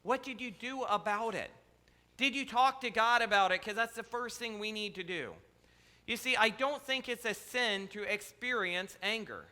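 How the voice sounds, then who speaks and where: Bright-voiced pastor preaching in a reverberant hall. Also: male voice, high-pitched. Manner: earnest, repetitive preaching with rhetorical questions. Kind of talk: sermon. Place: church sanctuary.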